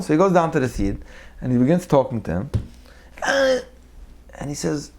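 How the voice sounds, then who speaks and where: Male teacher, mid-pitched, lively storytelling sermon; acts out characters. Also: quick pace. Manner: animated storyteller who acts out the people in his tales. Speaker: Torah teacher. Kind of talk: weekly Torah talk with storytelling.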